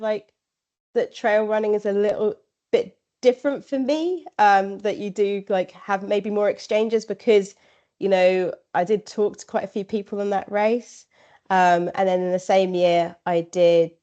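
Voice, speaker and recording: A woman's voice: medium pitch, a little mellow. A woman, a podcast guest chatting casually, rambling with lots of fillers and quoted asides. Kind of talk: casual interview chat. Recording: slightly dull lo-fi audio.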